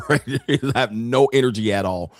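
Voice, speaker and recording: A podcast host and dating commentator delivers a blunt, profane rant about dating, mocking in tone and laughing often. His voice is on the low side at a normal speed, in a dry recording.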